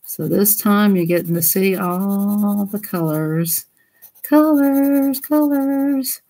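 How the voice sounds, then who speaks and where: A woman with a drawl chats away as she colors, giggling often. Her talk is playful and loose, and she keeps breaking into goofy voices. Her voice sits at an ordinary middle pitch for a woman. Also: fairly even intonation, slow, a little mellow. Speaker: coloring channel host. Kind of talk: casual chat while coloring.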